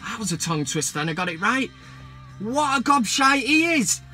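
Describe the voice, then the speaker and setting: A man's voice: very high-pitched, big pitch swings, normal speed, bright, forceful tone, faint music behind. A man hosting a football vlog, ranting heatedly and mockingly with plenty of swearing.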